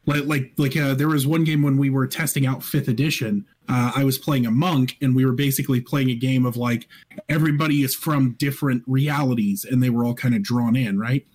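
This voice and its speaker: A man's voice: medium pitch, brisk. A man, a podcast guest, chatting casually about tabletop games, telling stories with lots of fillers. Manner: animated, anecdotal, filler-heavy. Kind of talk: casual chat.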